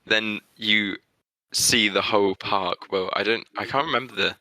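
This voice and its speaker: A man's voice: fairly low pitch, moderate pace, pushed and bright, no room sound, rough recording. A man co-hosting a podcast, laid-back and hesitant with many fillers in casual chat. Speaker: podcast co-host.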